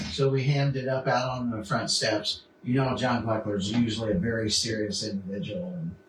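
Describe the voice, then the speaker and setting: A man's voice: on the low side, fairly even intonation, normal speed, a little hiss or hum. Rambling man recorded in a roomy space. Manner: rambling storyteller with many fillers and restarts. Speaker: podcast co-host. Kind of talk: casual chat. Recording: roomy sound from a distant mic with faint ambience.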